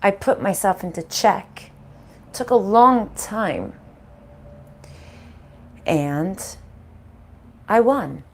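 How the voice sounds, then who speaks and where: A middle-aged woman giving a casual spiritual reading, frank and animated, swearing freely and laughing often. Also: medium pitch, drawn-out words, pauses often, a little hiss or hum. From Italian-American family. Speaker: spiritual reader and channel host.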